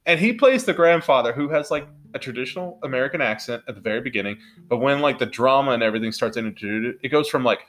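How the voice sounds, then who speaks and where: Man, podcast co-host, casual movie chat, rambling, upbeat, mid pitch. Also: lively intonation, quick pace, few pauses. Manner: rambling, upbeat, full of fillers.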